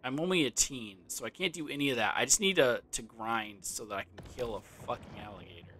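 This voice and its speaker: A man's voice: medium pitch, brisk, bright, forceful tone, a little hiss or hum. A tipsy man rambling through casual game commentary, swearing and laughing at himself. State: tipsy from drinking. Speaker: let's play gamer.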